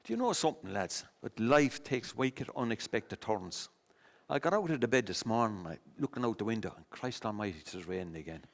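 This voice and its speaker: A man's voice: on the low side, lively intonation, a little fast, creaky. An actor playing a rambling, superstitious pub storyteller with an Irish accent, stammering as he spins his tales on a theatre stage. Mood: storytelling. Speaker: pub regular telling a story. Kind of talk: filmed stage play acting. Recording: long stage reverb.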